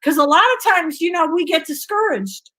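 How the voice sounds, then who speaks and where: A woman's voice: extremely high pitch, moderate pace, low-quality recording. A woman comedian, the guest, telling stories in casual interview chat and acting out other people's voices. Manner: animated storyteller who acts out voices.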